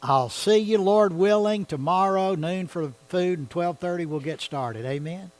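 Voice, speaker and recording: A man's voice: high voice, measured pace, darkish tone, rough recording. Man teaching a church Bible study. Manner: conversational, asks the audience questions.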